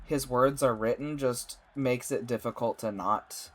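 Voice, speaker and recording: A man's voice: mid-range voice, a little slow, fairly bright tone, slight background noise. A man playing a video game, reading lines aloud and talking to himself in a mild, earnest way. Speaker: gaming streamer. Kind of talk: let's-play narration and character reading.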